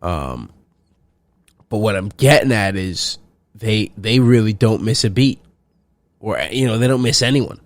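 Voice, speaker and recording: A man's voice: on the low side, animated, a little slow, long pauses, no echo. Profane, rambling young man. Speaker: podcast host. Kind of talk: solo comedic podcast rant.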